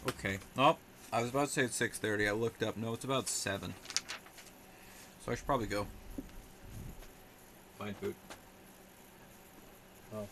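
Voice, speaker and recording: A man's voice: lowish voice, moderate pace, long pauses, noisy background. A young man rambling sarcastically on a casual live stream while he talks back to his chat.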